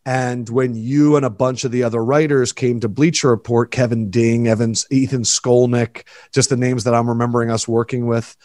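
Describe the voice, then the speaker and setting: A man hosting a casual podcast, his voice pitched in the middle range and recorded dry and close. He swears freely and tells stories with a lot of feeling, close to tears. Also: normal speed, few pauses, dry recording. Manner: emotional, swears a lot, animated storytelling. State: teary, close to crying. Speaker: podcast host. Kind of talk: casual chat.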